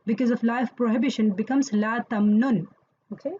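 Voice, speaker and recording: A woman's voice: fairly high pitch, steady tone, a little fast, warm tone, dull audio, slight background noise. A woman teaching Quranic Arabic grammar in an online lesson, explaining patiently and checking in with listeners as she goes.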